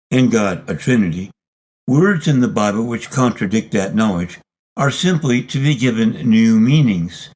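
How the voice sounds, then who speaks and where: A man reading a scripted lesson narration in a measured, deliberate, argumentative way. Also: lowish voice, low-quality recording. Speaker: video series narrator.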